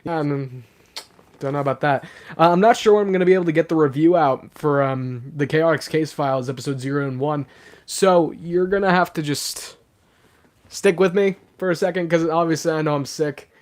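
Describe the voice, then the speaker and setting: A man's voice: on the high side, normal speed. Sick young man streaming, chatty. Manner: chatty and excitable, full of fillers. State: sick, voice sounds rougher than usual. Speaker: live streamer. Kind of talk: casual live-stream chat, reading chat messages aloud.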